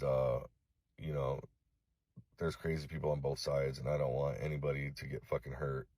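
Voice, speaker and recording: A middle-aged man from Los Angeles making a direct-to-camera apology video, halting and remorseful, swearing often. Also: very deep voice, a little mellow, dry recording. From Los Angeles, USA. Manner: halting, remorseful, heavy swearing, frequent fillers. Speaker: vlogger.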